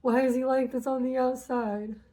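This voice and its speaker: A woman with a slightly high voice talks through spiritual matters in a loose, unscripted way. She is frank and swears freely, slipping into quoted back-and-forth as she goes. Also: little pitch movement, normal speed, dark tone. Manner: candid, swears freely, acts out inner dialogue. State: tearful at moments. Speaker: spiritual channel host. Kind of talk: casual spiritual monologue.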